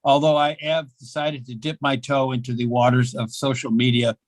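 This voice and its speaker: An older man doing a self-mocking stand-up set at an open mic, with deadpan delivery and halting fillers. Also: medium pitch, no room sound. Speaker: stand-up comedian. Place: small comedy club.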